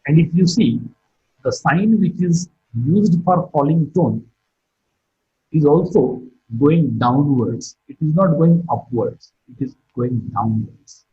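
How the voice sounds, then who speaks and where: A middle-aged man giving a recorded phonetics lecture, speaking in a slow, deliberate teaching manner and carefully modeling example sentences. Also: a little high, expressive, dark tone, husky, lo-fi sound. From India.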